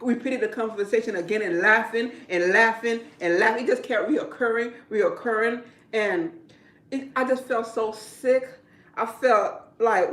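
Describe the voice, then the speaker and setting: A woman who works as a hairdresser, telling a story in casual talk, animated and repetitive, often breaking into laughter. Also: medium pitch, moderate pace. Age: adult. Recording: roomy, from a distance.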